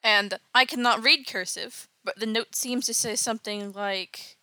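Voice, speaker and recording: Bright-voiced woman recapping a comic. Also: a little high, unhurried, few pauses, no echo. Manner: wry, sarcastic asides. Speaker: podcast host.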